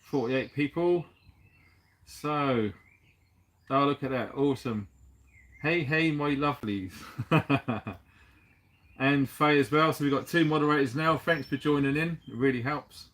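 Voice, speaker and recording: This is a man from the UK hosting a casual livestream, greeting viewers in a relaxed, chatty way. His pitch sits in the middle of the range, and he jokes around and laughs often, sprinkling in casual slang. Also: unhurried, pauses often. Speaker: livestream host.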